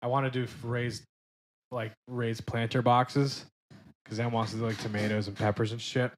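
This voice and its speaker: A man's voice: mid-range voice, little pitch movement, moderate pace, a little hiss or hum. A young man co-hosting a podcast, chatting casually with blunt, dry remarks and plenty of swearing. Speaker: podcast co-host. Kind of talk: casual chat.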